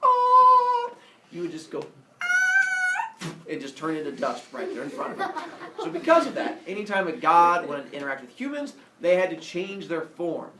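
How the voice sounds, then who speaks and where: A male teacher telling a story to a class in a playful, animated way, acting out the characters. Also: fairly high pitch, fairly quick. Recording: echoey classroom from far off, faint noise.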